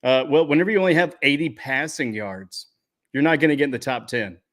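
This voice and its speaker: A man co-hosting a fantasy football podcast, laid-back and unhurried, with lots of filler words. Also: a little high, fairly bright tone. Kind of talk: casual sports chat.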